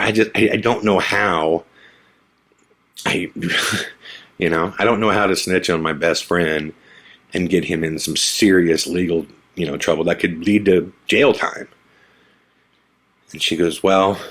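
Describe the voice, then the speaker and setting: Podcast host guy telling a story, husky and lowish, does the voices quiet. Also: a little slow, long pauses. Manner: animated, acts out quotes in a hushed voice. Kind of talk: storytelling monologue.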